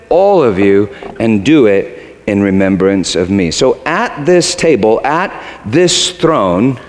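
A man preaching a sermon, swinging from hushed, halting storytelling to loud, emphatic proclamation. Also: mid-range voice. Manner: dramatic swings from hushed to shouting; halting restarts when moved. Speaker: pastor. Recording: long hall reverb.

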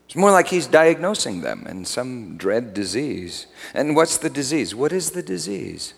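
A man preaching a sermon as pastor, swinging from hushed asides to loud emphatic peaks. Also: mid-range voice, sing-song, measured pace, vocal fry, husky. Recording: long hall reverb.

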